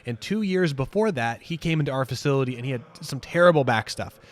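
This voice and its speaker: A man's voice: medium pitch, lively intonation, fast. A man hosting a podcast interview, chatting enthusiastically about his own facility. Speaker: podcast host. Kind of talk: casual interview chat.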